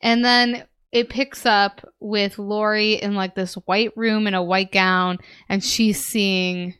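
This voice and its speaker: Female podcast co-host, resonant and clear, dry quips. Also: medium pitch, flat delivery, takes it slowly, a bit bright. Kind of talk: casual film-review chat.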